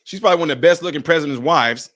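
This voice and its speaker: A man's voice: fairly high pitch, rapid-fire, a bit bright. A man giving emphatic, conversational commentary in a vlog, speaking directly to his viewers.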